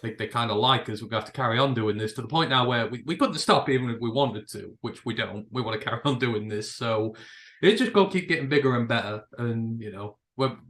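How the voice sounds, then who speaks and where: A man's voice: mid-range voice, brisk, fairly bright tone, reverberant. An English man co-hosting a casual podcast, rambling and repeating words as he finds his point, joking along. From England. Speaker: podcast co-host.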